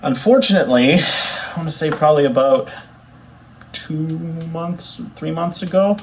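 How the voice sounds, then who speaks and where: A young man, a bassist chatting casually to camera in a rambling, easygoing way with fillers and self-corrections. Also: measured pace, a little hiss or hum. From Canada. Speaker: bassist showing his record collection.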